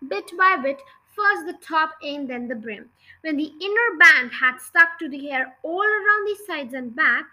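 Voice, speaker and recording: A woman narrating a children's storybook chapter in an expressive, lively read-aloud. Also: high voice, rough recording. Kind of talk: storybook reading.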